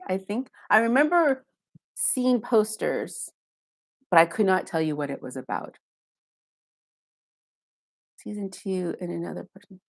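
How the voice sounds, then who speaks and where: A woman's voice: lowish voice, gravelly. A woman hosting a casual live stream from her home basement, chatting loosely and answering viewer comments one by one, with self-deprecating asides. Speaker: live-stream host reading viewer chat.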